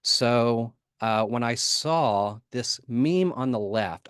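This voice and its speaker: A man's voice: medium pitch, moderate pace, few pauses, clean tone, dry recording, studio quality. A man giving a conference talk in a casual, humorous way, often laughing and putting on voices for quotes. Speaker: conference speaker.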